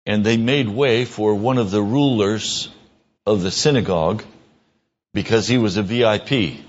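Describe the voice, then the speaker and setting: A man preaching an earnest, emphatic radio sermon as a pastor. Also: muffled recording. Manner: earnest preaching, slow and emphatic, rising in pitch when pressing a point.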